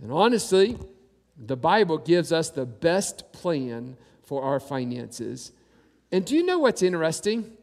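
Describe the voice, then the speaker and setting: Male pastor, high voice, preaches with emphatic repetition, long hall reverb. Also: big pitch swings, gravelly, a little mellow. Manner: emphatic preaching with repetition and slow stressed quotes. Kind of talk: sermon.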